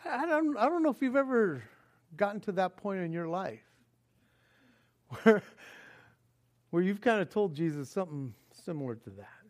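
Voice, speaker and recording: A man's voice: high voice, a little slow, long pauses. A male pastor preaching a sermon, acting out panicked pleas and laughing often between points. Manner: animated, acts out panicked pleas with frequent laughs.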